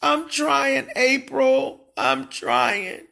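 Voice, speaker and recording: A woman speaking casually to livestream viewers, emphatic and given to shouting when aggrieved. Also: high voice, sing-song, very slow, creaky.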